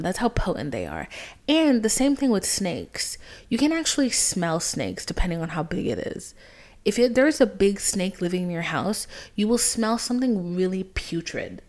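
A young woman hosting a podcast, telling her story dramatically and swearing freely, with sudden loud bursts and hushed whispers. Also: mid-range voice, sing-song, normal speed. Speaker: podcast host. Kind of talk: casual storytelling monologue.

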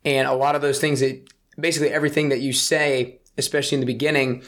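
A young man hosting an interview, encouraging and quick to affirm his guest. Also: mid-range voice, level tone, a bit bright. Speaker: podcast host. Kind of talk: casual interview.

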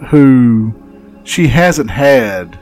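A man co-hosting a faith podcast, speaking in a thoughtful, halting way. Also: mid-range voice, lively intonation, a little mellow, faint music behind. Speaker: podcast co-host. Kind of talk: casual chat.

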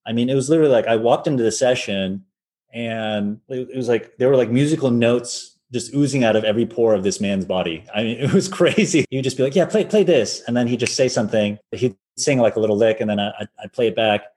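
A man in his forties, a violinist guest telling anecdotes in a loose, animated way, with lots of "like" and acted-out quotes. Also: medium pitch, fast talker. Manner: animated, acts out quoted voices, many fillers. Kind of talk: casual anecdotal storytelling.

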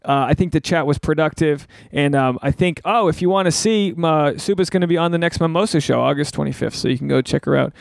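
A man's voice: fairly high pitch, quick pace, vocal fry, hardly any pauses, no echo. A man hosting a podcast, chatting casually and joking at his own expense. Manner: joking, self-deprecating. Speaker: podcast host. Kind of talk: casual chat.

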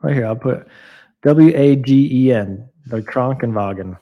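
A man's voice: mid-range voice, unhurried, narrow, tinny audio. A man hosting a podcast in casual chat, easygoing and jokey as he steers the talk and wraps up the episode. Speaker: podcast host.

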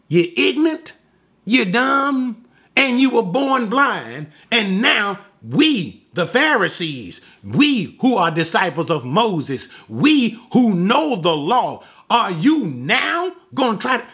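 A man's voice: very high-pitched, big pitch swings, takes it slowly, creaky, fairly bright tone, voice pushed up, heavily acted. A man voicing indignant male religious leaders who mock and talk down to someone with slangy put-downs. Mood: scornful.

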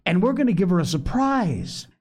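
An eager, earnest young girl, voiced by a man reading aloud. Her voice is lifted high and sing-song, bouncing lively between notes as she pleads and explains. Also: moderate pace.

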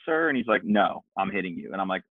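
Podcast co-host, male, very low voice, dry tinny phone-like sound, rambling anecdotes. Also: animated, quick pace, creaky, dry recording. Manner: rambling storyteller, acts out quotes. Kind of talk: casual chat.

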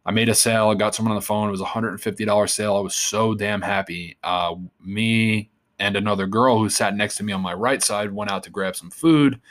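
A man's voice: lowish voice, fairly even intonation, brisk, fairly bright tone. A man being interviewed, telling a story from his life in a casual, rambling and profane way. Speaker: interview guest.

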